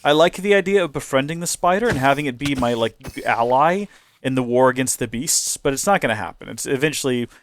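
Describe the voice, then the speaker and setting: A man's voice: medium pitch, lively intonation, fairly quick, a little hiss or hum. Chatty young man narrating his gameplay. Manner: chatty, rambling, playful asides. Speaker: host. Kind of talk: video game commentary.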